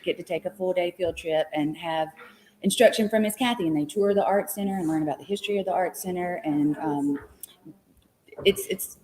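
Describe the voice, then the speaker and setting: A woman's voice: lowish voice, a little fast, darkish tone, low-quality recording. A woman, a guest on a radio show, explaining things in a friendly way. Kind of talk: radio interview.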